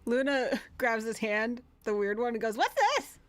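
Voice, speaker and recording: A woman's voice: on the high side, steady tone, clear, resonant tone. A woman playing a tabletop game, describing her character's actions and giggling often. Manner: giggly, quick storytelling. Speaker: player. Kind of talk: tabletop role-play.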